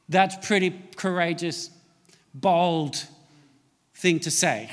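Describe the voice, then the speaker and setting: A man preaching a sermon in a fairly high voice, leaning hard into his key points as his tone rises. The sound carries a long reverb of a church hall. His delivery is emphatic and earnest. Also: a little slow. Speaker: pastor.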